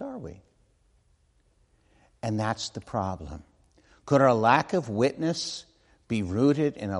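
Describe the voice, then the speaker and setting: A man preaching a sermon in an earnest, conversational way, with asides and self-corrections. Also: mid-range voice. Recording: long hall reverb.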